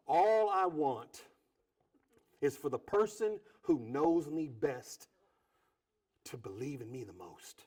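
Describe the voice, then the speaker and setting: A man pastor preaching a sermon, animated, with quick repetitions and acted-out quotes of couples talking. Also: high voice.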